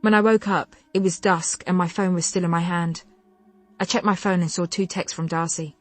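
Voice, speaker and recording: A woman narrating a contemporary novel in first person, telling it in an expressive, wry way on a close studio mic. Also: lowish voice, normal speed, no echo, faint music behind. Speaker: audiobook narrator.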